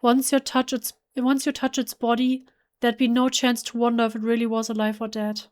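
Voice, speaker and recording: A German-native woman reads horror game narration aloud, hushed and emotional, often stumbling and restarting mid-word. Her voice sits fairly high but moves little in pitch. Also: completely flat delivery, brisk. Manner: emotional, hushed, with self-corrections. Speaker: let's play gamer. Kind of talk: reading game text aloud.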